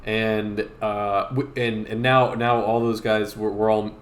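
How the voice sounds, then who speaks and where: A man's voice: lowish voice, little pitch movement, slow pace, echoey room. A man chatting casually on a stream while he draws, rambling with lots of fillers and restarts. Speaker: streamer artist. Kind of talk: casual chat while drawing.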